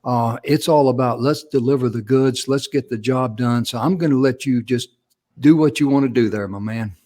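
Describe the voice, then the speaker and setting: A man's voice: medium pitch, moderate pace, warm tone. A man co-hosting a talk show, chatty and encouraging as he brings in a guest.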